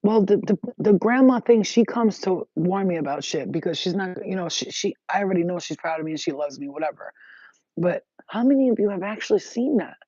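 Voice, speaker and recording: A woman's voice: on the low side, animated, a little fast, dark tone, breathy edge, no room sound. Woman, spiritual vlogger, profane rambling rant, muffled lo-fi sound, dry room. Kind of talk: venting monologue to viewers. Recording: dull, dry lo-fi recording.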